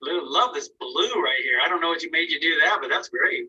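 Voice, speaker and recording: A man's voice: fairly high pitch, lively intonation, brisk, sharp tone, husky, far from the mic, lo-fi sound. A man teaching an online painting class, giving casual, encouraging critiques of students' work and thinking aloud as he goes. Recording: voice from away from the mic.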